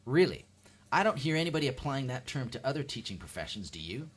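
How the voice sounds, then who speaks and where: Canadian man, home stand-up comic, deadpan with lively pitch swings. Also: quick pace, husky. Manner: deadpan, with sudden high-pitched quoted voices. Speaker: amateur stand-up comedian. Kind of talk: seated home stand-up routine. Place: at home, lives in the UK.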